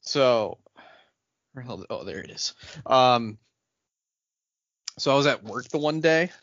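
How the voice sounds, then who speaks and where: A man's voice: mid-range voice, lively intonation, a little slow, fairly bright tone, no echo. A young man telling a rambling everyday story, stalling on "um" and "uh". His voice sits in a middle register, recorded dry and a little dull. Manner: rambling anecdote, hesitant with "um" and "uh". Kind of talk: casual chat.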